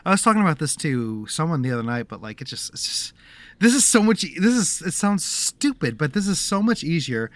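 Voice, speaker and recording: A man's voice: fairly high pitch, big pitch swings, brisk, fairly bright tone, no echo. Rambling man streaming a game. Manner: rambling, restarts often, chatty with viewers. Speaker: livestreamer. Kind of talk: casual gameplay commentary.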